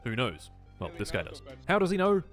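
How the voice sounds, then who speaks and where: Deadpan man narrating over music. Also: medium pitch, fairly quick. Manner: deadpan with sudden loud outbursts. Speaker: gameplay narrator. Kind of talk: comedic gameplay narration.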